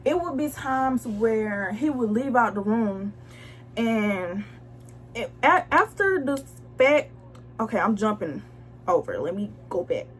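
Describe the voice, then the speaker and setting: A young woman blunt, slangy and animated as she tells viewers a personal story in a casual storytime vlog. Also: a little high, slow pace, slight background noise. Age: young adult. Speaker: vlogger telling a story.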